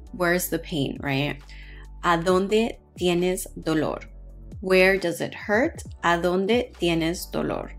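A middle-aged woman with a lowish voice teaches medical phrases in an online lesson. She slows down and repeats each one for her learners. Faint music plays underneath. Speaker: nurse educator.

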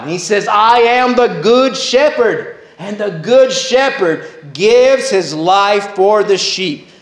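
A male pastor preaching a Baptist sermon, slow and emphatic, with repeated refrains. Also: high-pitched. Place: church sanctuary. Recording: echoey church sanctuary.

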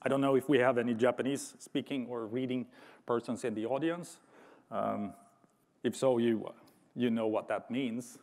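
Speaking in a large conference hall, a man gives a thoughtful talk with light humor, often restarting his sentences. His mid-range voice is a little mellow, with fairly even intonation at a normal speed, and the hall's reverb is audible.

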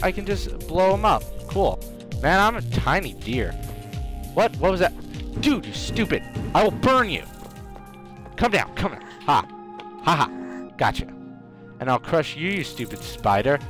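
A man doing excitable let's play commentary, trash-talking the enemies in his game. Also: on the high side. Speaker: gamer.

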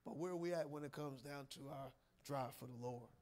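A man's voice: mid-range voice, fairly quick, darkish tone. A man preaching a sermon in a folksy way, laughing and calling out to his congregation. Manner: folksy, laughing asides, calls and responses to the congregation.

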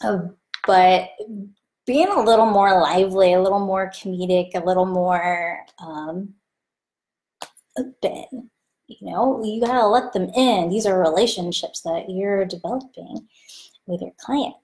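A woman's voice: mid-range voice, a little slow. Chatty woman giving career advice. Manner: chatty and animated, acts out quoted people. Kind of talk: casual talk to camera.

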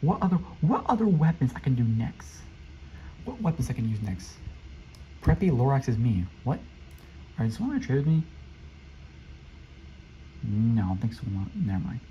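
A young man giving excitable commentary over his own gameplay as a channel host, often jumping into squeaky teasing voices. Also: normal speed, long pauses, muffled recording, a little hiss or hum.

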